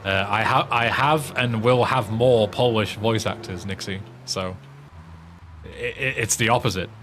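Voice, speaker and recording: Low-voiced English man swearing casually. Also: unhurried, a bit bright, a little hiss or hum. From England. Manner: rambling, frequent swearing, many restarts. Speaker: streamer. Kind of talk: casual chat while playing a game.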